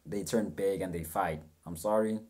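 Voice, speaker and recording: A man's voice: sits low, moderate pace, warm tone. A young man giving a rambling, self-mocking reaction commentary, swearing freely as he goes. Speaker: reaction video host.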